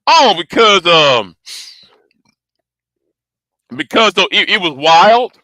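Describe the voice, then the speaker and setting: A man with a fairly high, very bright voice tells a story to his camera in a loose, rambling way. He swears often and trips over his words, repeating them as he goes. The sound is dry and close. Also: animated, slow, dry recording. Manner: rambling, profane, stammering repeats. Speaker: vlogger.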